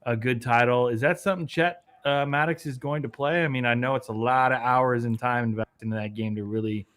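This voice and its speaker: A man co-hosting a gaming podcast in a mid-pitched voice, heard over a choppy, robotic-sounding online connection. He jokes in a dry, deadpan way and keeps a laid-back pace. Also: a little fast. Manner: deadpan joking, dry sarcasm. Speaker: podcast co-host. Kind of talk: casual chat about video games.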